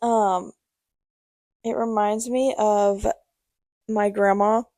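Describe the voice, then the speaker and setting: A woman's voice: mid-range voice, level tone, extremely slow, mellow, dry recording. A woman co-hosting a podcast, telling childhood stories in a chatty, playful way and laughing often. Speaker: podcast co-host. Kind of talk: casual chat.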